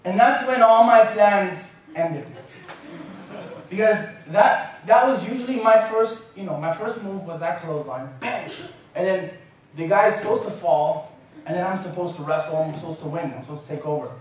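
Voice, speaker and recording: A man giving a university talk, telling an animated, self-mocking story. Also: high-pitched, moderate pace, slight background noise. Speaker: guest speaker. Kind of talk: lecture storytelling. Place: university lecture room. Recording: echoey lecture hall from far off.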